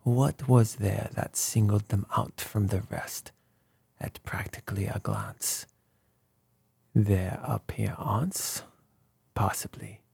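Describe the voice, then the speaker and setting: A man's voice: on the low side, fairly even intonation, slow pace, gravelly, darkish tone, husky, no echo, exaggerated voice. A man playing a fussy, precise old detective. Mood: explaining. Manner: formal, mildly reproachful.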